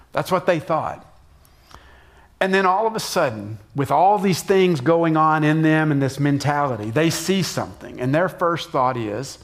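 A middle-aged pastor preaching in a relaxed, conversational way, his voice sitting a little higher than most men's. He often drops soft and low to press a point, then jumps up sharply to act out a shout. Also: normal speed. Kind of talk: sermon.

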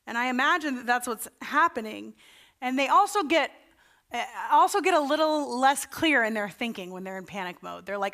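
Woman pastor, slightly high voice, chatty sermon delivery that acts out voices. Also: normal speed, sharp tone. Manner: conversational storytelling, acts out the Israelites' panicked voices.

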